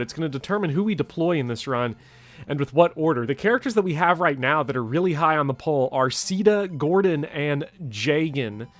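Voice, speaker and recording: A young man hosting a let's play, excitable and dramatic, often laughing as he reacts to the game. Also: on the high side. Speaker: gaming channel host.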